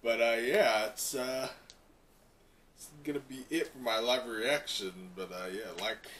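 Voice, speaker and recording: A man's voice: mid-range voice, a little slow, fairly bright tone, far from the mic, a little hiss or hum. A man hosting a casual live reaction to a comic, rambling with lots of fillers and chuckles. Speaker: manga reaction host.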